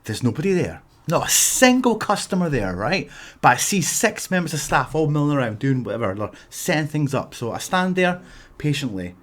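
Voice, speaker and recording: A Scottish man rants to camera for laughs, spinning exaggerated stories with plenty of emphasis. His pitch swings widely from low grumbles up to sudden shouted bursts. He sounds worked up yet playful the whole way through. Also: moderate pace. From Scotland. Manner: animated, exaggerated storytelling with shouted outbursts. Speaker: vlogger. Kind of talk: comic rant to camera.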